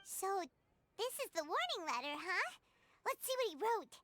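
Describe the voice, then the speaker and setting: A woman's voice: very high-pitched, big pitch swings, moderate pace, pushed and bright, full character voice. A woman voicing a tiny, eager female fairy-like companion in a game, curious and chirpy. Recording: game audio with music behind.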